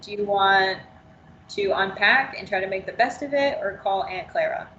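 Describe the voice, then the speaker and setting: A woman's voice: medium pitch, normal speed, highs cut off, slight background noise. Woman trainer reading a roomy story. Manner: steady second-person storytelling. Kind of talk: reading an interactive story aloud.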